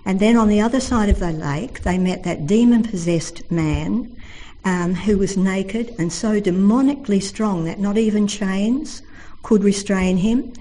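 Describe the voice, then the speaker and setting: A woman giving a devotional Bible talk, telling the stories earnestly and slowing down for emphasis. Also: mid-range voice, mellow, low-quality recording. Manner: earnest storytelling, slows for emphasis. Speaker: Bible teacher.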